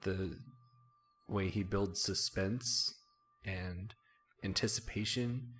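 A man in casual podcast chat, soft-spoken and a little hesitant. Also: sits low, fairly even intonation, takes it slowly.

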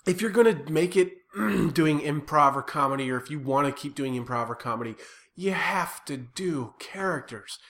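A man's voice: mid-range voice, fairly bright tone. A man, an improv performer and workshop teacher, giving earnest advice in casual podcast chat with many restarts. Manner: earnest, advising, with frequent restarts.

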